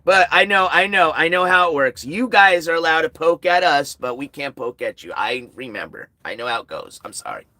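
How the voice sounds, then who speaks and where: A man's voice: on the high side, animated, moderate pace, hardly any pauses, bright, forceful tone, dry recording. A tired man hosting a casual outdoor livestream at night, talking bluntly and sarcastically to his chat. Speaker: livestream host.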